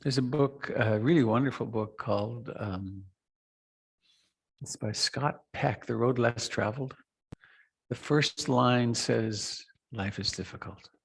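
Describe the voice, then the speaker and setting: Middle-aged man, meditation teacher, gravelly voice, husky tone, unhurried reflective dharma talk. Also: medium pitch. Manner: slow, reflective, with long pauses and soft trailing lines.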